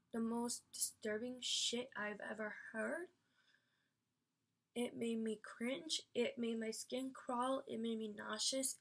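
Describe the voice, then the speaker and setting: Woman, vlogger, rambling emphatic storytelling, swears casually, slightly high voice, raspy. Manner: rambling and emphatic, many fillers, swears freely. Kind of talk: personal storytelling rant.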